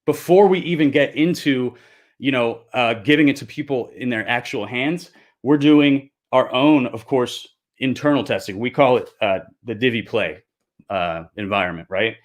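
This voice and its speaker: A man's voice: medium pitch, normal speed. A man, co-founder of a project, hosting a live stream and talking earnestly, growing heated and insistent, with frequent restarts. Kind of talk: unscripted livestream monologue.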